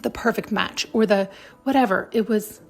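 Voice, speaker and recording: A woman podcast host talks in a shaken, emotional ramble, close to tears and cursing now and then. Her voice sits at an ordinary pitch, and faint music plays underneath. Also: moderate pace, gravelly. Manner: emotional, rambling, swears casually. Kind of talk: intuitive reflection.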